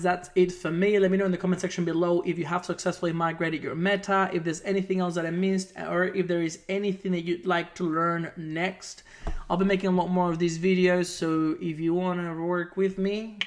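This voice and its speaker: A casual tutorial presenter talks through a website step by step, chatty and offhand. They mix quick rushes of words with slow, drawn-out emphasis. The voice sits at a middle pitch, with jokey asides and the odd curse word. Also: flat delivery. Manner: shifts between quick bursts and slow emphasis. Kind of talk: casual screen walkthrough.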